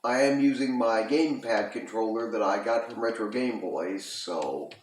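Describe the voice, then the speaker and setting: A man's voice: fairly low pitch, normal speed. A man casually reviewing a retro video game, rambling with lots of ums and uhs. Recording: roomy echo.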